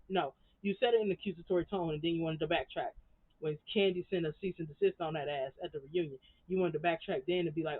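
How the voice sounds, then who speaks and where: Talking fairly quickly in a low voice, a woman reviews a reality TV episode in a heated, blunt rant laced with swearing. She's a recap vlogger giving casual commentary, and the audio has a tinny, phone-like quality.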